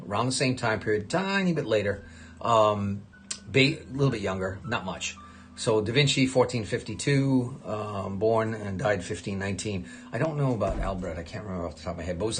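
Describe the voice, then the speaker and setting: A middle-aged man hosting a casual livestream while signing cards, chatty and enthusiastic, with sudden loud exclamations. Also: lowish voice, slight background noise. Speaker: fantasy artist hosting a livestream.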